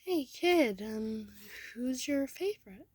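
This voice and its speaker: A woman's voice: on the high side, expressive, slow. A woman voicing a cheerful young male mutant turtle who talks eagerly and a little hesitantly, in a fan story reading.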